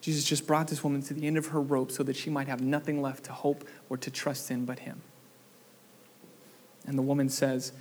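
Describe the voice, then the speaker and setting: A young adult man preaching a sermon, animated and asking the congregation questions. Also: medium pitch, normal speed, a little hiss or hum. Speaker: pastor.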